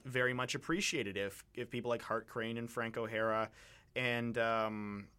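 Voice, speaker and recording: A man's voice: mid-range voice, fairly even intonation, moderate pace, pushed and bright, smooth. A young man co-hosting a radio talk show, thinking aloud in a rambling way with many fillers and restarts. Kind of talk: casual discussion.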